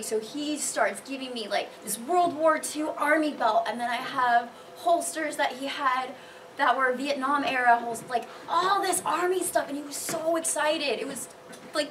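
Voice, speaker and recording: A woman cosplayer speaks on a convention panel, quick to laugh and animated as she tells her stories. Her voice sits high. She is picked up from some distance with a faint hiss in the room. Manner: bubbly, laughs often, animated storytelling. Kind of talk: casual panel chat.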